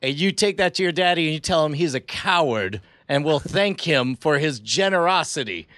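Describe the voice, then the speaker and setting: A swaggering warlord with a fake Southern drawl delivers slow, grandiose threats from a tabletop game, as a man puts him on. The voice sits high, and the sound is close and dry. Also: animated, a bit bright, no echo. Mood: menacing. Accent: put-on fake Southern drawl. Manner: slow grandiose villain speeches. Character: swaggering menacing male warlord of a chimp army.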